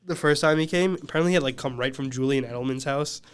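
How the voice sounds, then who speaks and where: A laid-back man tells studio stories on a podcast, his voice smooth and clear. He talks in loose slang and breaks into laughter often. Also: mid-range voice, quick pace. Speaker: guest, studio engineer. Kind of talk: casual podcast storytelling.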